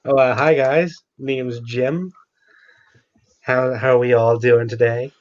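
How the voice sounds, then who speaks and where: A man's voice: mid-range voice, steady tone, takes it slowly, muffled recording, lightly acted. A man playing a cheerful, knife-loving male cult recruiter who talks breezily. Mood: breezy.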